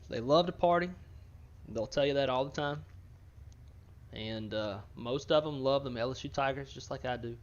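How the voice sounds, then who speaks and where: Male streamer, easygoing and chatty, medium pitch, muffled lo-fi sound. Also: moderate pace. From northern Louisiana. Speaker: flight sim streamer. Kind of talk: casual stream chat. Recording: dull lo-fi stream audio.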